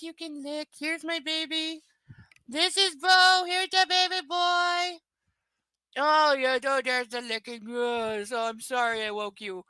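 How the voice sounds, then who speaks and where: A woman's voice: high-pitched, sharp tone, no room sound, rough recording. A woman hosting a casual livestream from home. She coos baby talk at her dog and jokes sarcastically about the book she is reading. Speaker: livestream reader and host.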